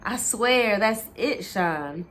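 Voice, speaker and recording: A woman's voice: medium pitch, lively intonation, very slow, a bit bright, voice pushed up. A woman reading aloud the lines of a frightened but defiant young woman who pleads, then turns firm and cold. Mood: pleading.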